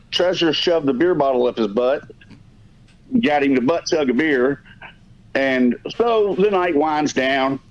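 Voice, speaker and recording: A man hosting a podcast, telling a long story in a casual, profane, rambling way that stops and restarts. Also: on the high side. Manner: rambling, profane, self-interrupting. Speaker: podcast host. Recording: dull lo-fi audio.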